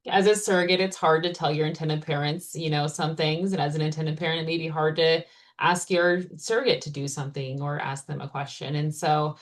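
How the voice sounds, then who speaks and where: A woman's voice: deep voice, steady tone, a little fast. A woman who works as a surrogacy consultant answers interview questions in a casual, explaining way, with frequent ums and "you know".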